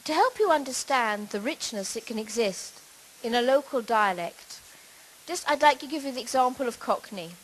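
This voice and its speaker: A middle-aged woman, giving a measured, explanatory conference talk on language, with the odd restart. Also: a little high, expressive, slight background noise, rough recording. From Britain. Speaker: lecturer.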